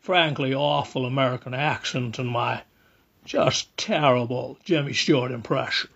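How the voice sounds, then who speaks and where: A man calling in to a podcast, hesitant and self-deprecating, with a gravelly, husky voice. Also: mid-range voice, moderate pace, a bit bright. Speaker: caller. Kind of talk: voicemail call-in. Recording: dull lo-fi audio.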